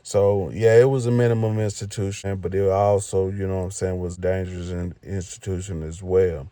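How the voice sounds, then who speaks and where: A man's voice: deep voice, flat delivery, moderate pace, mellow, no echo. A man telling a story in a casual storytime vlog, loose and rambling, with many fillers. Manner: loose, rambling, filler "you know what I'm saying".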